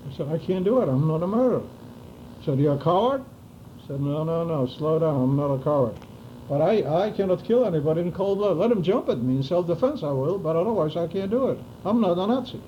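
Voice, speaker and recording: A man's voice: on the high side, expressive, fast, lo-fi sound, slight background noise. An older man in an oral history interview, telling his memories vividly and acting out the dialogue. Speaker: interviewee recounting wartime memories.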